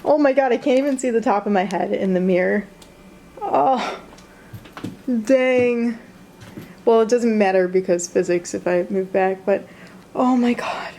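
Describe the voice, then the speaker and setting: A young woman vlogging casually in her bedroom, gushing and excitable as she unboxes and tries on shoes. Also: medium pitch, unhurried, creaky, pauses often, a little hiss or hum, low-quality recording.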